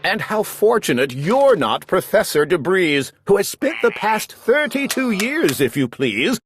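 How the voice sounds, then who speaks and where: A man's voice: sits high, very animated, unhurried, slight background noise. A man reading a rhyming children's book aloud in a playful, sing-song storytelling manner. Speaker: storybook reader.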